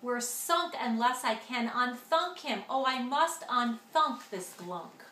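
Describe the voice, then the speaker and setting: A woman voicing a panicky, fussy little girl who cries out in a shrill, high voice. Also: expressive, slow pace, sharp tone, roomy sound, slight background noise, exaggerated voice.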